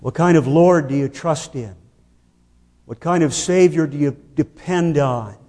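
A man preaching a sermon, slow and emphatic, posing rhetorical questions to his listeners. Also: on the high side, warm tone, in a large hall.

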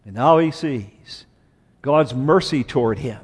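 A man preaching a sermon, emphatic, rising to urgent passages and dropping to slow, low stresses. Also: husky, big-room sound.

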